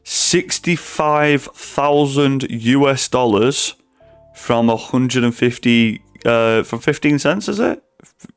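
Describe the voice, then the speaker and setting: A man's voice: medium pitch, slow pace, clear, resonant tone, faint music behind. A man hosting a casual interview, enthusiastic and often stumbling over his words. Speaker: host interviewer.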